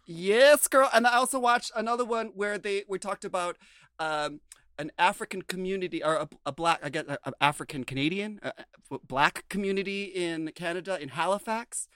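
A man co-hosts a casual recap podcast, rambling along with plenty of fillers like "like" and "um." His voice sits high and a bit bright, clear and resonant, moving at a moderate pace in a dry, studio-quality recording.

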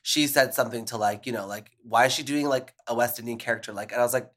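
A man speaking as a podcast guest in loose, casual chat. His delivery is animated and quick, stumbling through restarts and fillers as he talks. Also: medium pitch. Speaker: podcast guest, drag performer.

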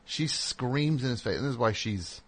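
A middle-aged man hosting a show, telling a casual story and acting out the people in it with sudden loud outbursts. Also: medium pitch, moderate pace. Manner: animated, acts out voices with loud outbursts. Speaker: host.

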